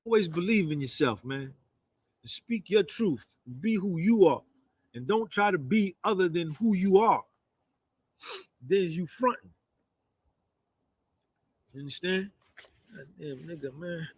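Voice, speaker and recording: Boastful high-voiced man in his fifties. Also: lively intonation, a little slow, pauses often, husky, no room sound. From New Jersey, US. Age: 50s. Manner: rambling, repeats "you understand".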